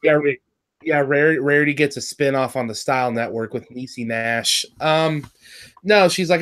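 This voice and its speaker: A man talking in a loose, casual chat at a middling pitch, rambling and excitable. He swears freely and keeps restarting his sentences as his thoughts jump ahead. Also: moderate pace. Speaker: podcast host reviewing cartoon episodes.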